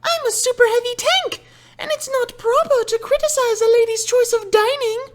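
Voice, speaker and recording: A man voicing a haughty, prim young British tank girl with an English accent and a posh, whiny falsetto. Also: moderate pace. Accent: put-on English. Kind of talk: voicing a game character.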